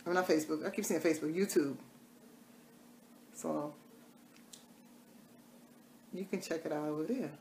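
A woman's voice: deep voice, fairly even intonation, moderate pace, pauses often, a little mellow, echoey room, a little hiss or hum. A woman chatting casually through a live makeup tutorial, repeating catchphrases in a sing-song way. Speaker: makeup vlogger.

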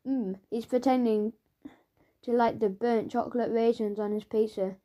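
A woman narrating a children's audiobook in the first person as a schoolboy, lively and storytelling. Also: a little high, moderate pace.

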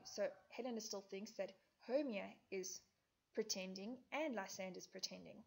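Husky woman teacher explaining a play. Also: medium pitch, moderate pace, darkish tone. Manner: paraphrases old lines into plain modern speech. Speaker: English teacher. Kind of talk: explaining a play in a lesson video.

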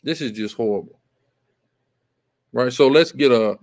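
A man's voice: mid-range voice, unhurried. A man hosting live commentary, talking emphatically and repeating himself, often asking "right?". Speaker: show host.

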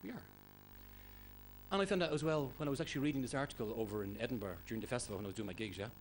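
A man doing stand-up comedy, loud and energetic, swearing and mimicking for the crowd. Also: mid-range voice, very fast. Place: comedy club stage before audience. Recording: noisy live club recording.

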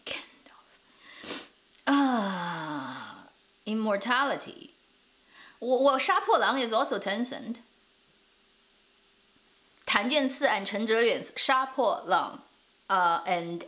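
Hosting a drama channel, a native Chinese speaker talks to camera in North American-accented English, casual and rambling, restarting sentences and laughing lightly. She has a mid-range, slightly bright voice.

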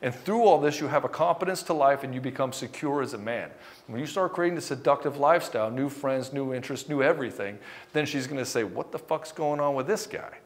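Speaking fast in a mid-pitched voice, a relationship coach delivers a blunt, emphatic motivational talk, cursing freely as he drives his points in. He occasionally slips into acted-out quotes of what a husband or wife might say.

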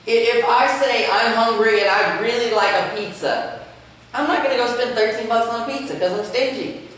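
A man preaching a sermon as pastor, animated, with light humor in his storytelling. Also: very high voice, a little hiss or hum. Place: church sanctuary. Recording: echoey church, speaker far from mic.

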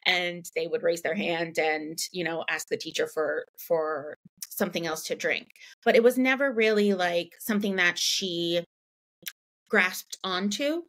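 A woman in her thirties chats easily about her experience as a parent in a podcast interview. She leans on filler words like "you know" and "right?". When she quotes other people, her voice jumps higher and gets livelier. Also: measured pace. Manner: animated, acts out quoted dialogue in a raised pitch. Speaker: guest, parent. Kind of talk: conversational interview storytelling.

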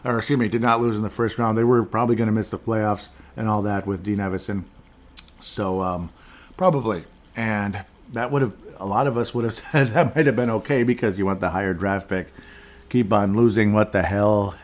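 A man's voice: lowish voice, fairly even intonation, fairly quick. A middle-aged man hosting a casual solo sports podcast, rambling and digressive with chuckling asides. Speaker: podcast host.

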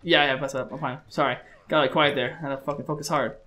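A man giving live commentary over his own gameplay, excitable, swearing and shouting at the game. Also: fairly high pitch, rapid-fire, background noise. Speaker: gaming commentator.

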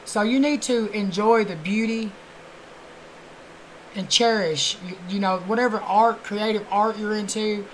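A woman giving a casual tarot reading, chatty and blunt, who swears offhandedly and murmurs softly while shuffling. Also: medium pitch, slight background noise, low-quality recording. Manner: chatty, swears casually, fillers like "you know". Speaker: tarot card reader.

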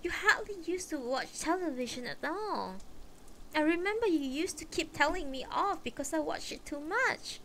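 A blunt young daughter with an offhand, slightly impatient way of talking, read out by a woman. The voice sits fairly high and moves a lot in pitch, as in a storybook reading. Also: sing-song, normal speed, bright, forceful tone, slight background noise, heavily acted.

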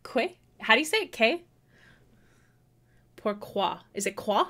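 A woman's voice: on the high side, sing-song, a little fast, pushed and bright. A young Canadian woman talks casually to her stream while she draws, half to herself. Her chat rambles and drifts, and giggles break in often. The sound is close and clean, from a desk mic at home. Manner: rambling, self-talking, giggly.

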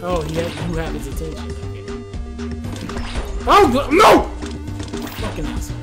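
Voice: medium pitch, big pitch swings, normal speed. Frustrated young gamer swearing and muttering. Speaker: co-host. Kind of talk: casual let's-play chat. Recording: under loud game music.

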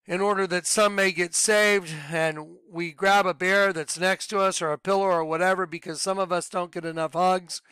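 Excitable high-voiced man preaching. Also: smooth, no echo. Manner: excitable, rambling, laughs at his own points. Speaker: online preacher. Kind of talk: informal video sermon.

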